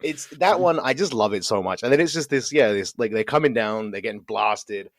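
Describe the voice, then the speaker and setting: A man's voice: lowish voice, lively intonation, fairly quick, no echo, clean studio sound. A man chatting enthusiastically on a movie podcast, often laughing. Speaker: podcast guest. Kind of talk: casual podcast chat.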